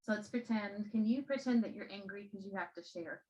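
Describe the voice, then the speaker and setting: A woman of ordinary pitch leads a classroom demonstration for other teachers. She talks patiently and gently, steadying a child beside her as she explains. The sound is a little muffled and lo-fi. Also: brisk. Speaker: teacher trainer.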